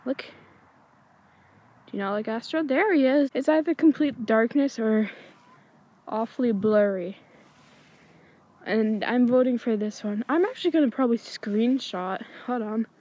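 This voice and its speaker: Out on a backyard swing on a cold night, a woman vlogs casually into a handheld iPod camera, rambling to herself and losing focus easily. Her voice is on the high side, a little mellow, and slightly rough.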